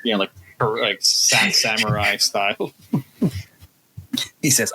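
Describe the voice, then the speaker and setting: Casual male co-host, lowish voice, bright edge, chatty play-by-play recap. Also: fairly even intonation, takes it slowly, rough recording. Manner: laughing, loose retelling with voiced quotes. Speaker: podcast co-host. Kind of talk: casual chat recapping a novel.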